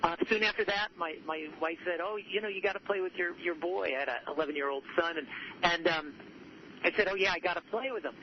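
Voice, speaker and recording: A man's voice: fairly high pitch, fairly even intonation, a little fast. A man being interviewed about his book, telling stories in an earnest, upbeat way with frequent restarts. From southern California. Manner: earnest, repeats himself, upbeat. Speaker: author and guest. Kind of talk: conversational interview storytelling. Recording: muffled audio with faint noise.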